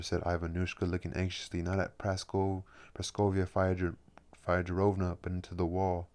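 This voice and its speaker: Deep, flat-voiced man reading aloud. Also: a little fast. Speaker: audiobook reader. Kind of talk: reading a novel aloud, then commenting.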